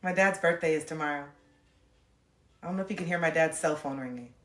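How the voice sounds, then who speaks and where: A woman's voice: sits low, quick pace, fairly bright tone, recorded from a distance. Rambling woman livestreaming in an echoey room. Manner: rambling, frequent "like" fillers, open and confiding. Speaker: livestream host. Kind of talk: casual livestream chat. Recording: echoey room, voice a bit off-mic.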